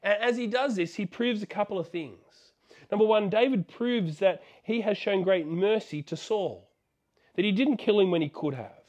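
A man with a slightly high voice retells a Bible story in a sermon. He tells it in an animated way and throws out rhetorical questions to his listeners. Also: normal speed. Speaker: preacher.

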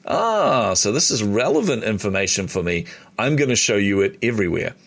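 A middle-aged man with a New Zealand accent, a podcast guest telling stories animatedly and acting out the dialogue. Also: lowish voice. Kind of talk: casual storytelling interview.

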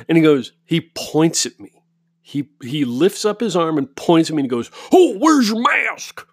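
An American man telling a story alone in a home studio, profane and animated, ranting and swearing as he goes. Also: mid-range voice, no echo. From United States. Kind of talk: casual storytelling monologue.

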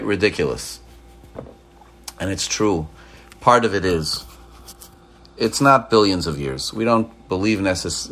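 A man teaching a religious class as an animated storyteller who acts out quoted dialogue. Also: deep voice. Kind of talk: Torah class lecture.

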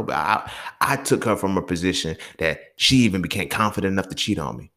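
Man, very low voice, solo podcast host, blunt, profane, emphatic rants, checks in with listener. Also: animated, normal speed, creaky, bright, forceful tone. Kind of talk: unscripted solo podcast monologue.

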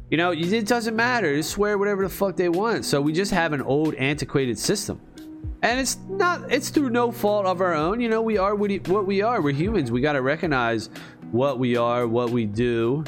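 Man, higher-pitched, casual profane rant, rambling and emphatic, soft music underneath.

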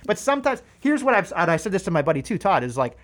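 A man in casual podcast chat about wrestling, animated and acting out quoted voices. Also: high voice, fast.

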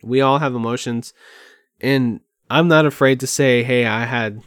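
A man's voice: medium pitch, measured pace, fairly bright tone, smooth, no room sound, clean studio sound. A man talking candidly in a rambling, open and emotional way at home, as a podcast host. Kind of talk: candid personal monologue. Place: at home by his computer.

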